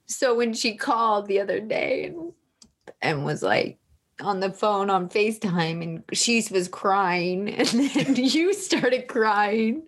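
A woman's voice: mid-range voice, lively intonation, takes it slowly. A woman author talking openly in a podcast interview, reflective and searching for words in loose run-on phrases. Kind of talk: candid podcast conversation.

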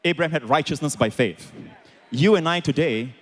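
A man preaching a sermon as pastor, swinging between quiet explanation and loud, shouted emphasis. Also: on the high side, normal speed. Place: large church auditorium with congregation.

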